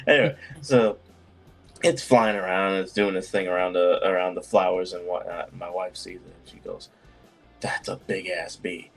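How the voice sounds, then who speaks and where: A man's voice: sits low, steady tone, moderate pace, faint music behind. Teasing, laughing man on a podcast. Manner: teasing, joking, laughs often. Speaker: podcast co-host. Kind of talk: casual chat.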